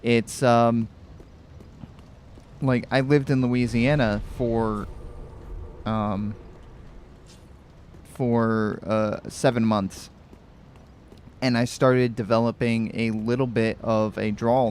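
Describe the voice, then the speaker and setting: A man's voice: mid-range voice, level tone, slow pace, long pauses, darkish tone, slight background noise. A man from Connecticut talking casually while playing a video game, rambling with frequent restarts and fillers. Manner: rambling, chatty, many restarts. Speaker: gaming streamer. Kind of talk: casual let's-play commentary.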